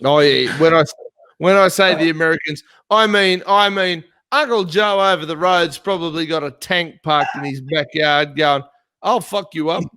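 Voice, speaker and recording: A man's voice: fairly high pitch, normal speed, bright, forceful tone, clear, resonant tone. An Australian man from a small country town, ranting profanely in a casual political chat. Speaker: podcast host.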